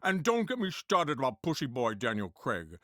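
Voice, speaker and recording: A man impersonating a gruff, irritable older male film actor who curses bluntly and sneers. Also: medium pitch, huge pitch swings, moderate pace, fairly bright tone, dry recording, studio quality. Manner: cursing, blunt, scornful. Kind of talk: comedy impression sketch.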